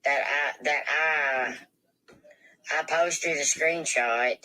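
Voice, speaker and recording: A man with a slightly high voice speaks very slowly, his tone pushed and bright, on a low-quality recording. He's a livestreamer chatting casually in plain, colloquial speech, reading viewer comments aloud and thanking viewers.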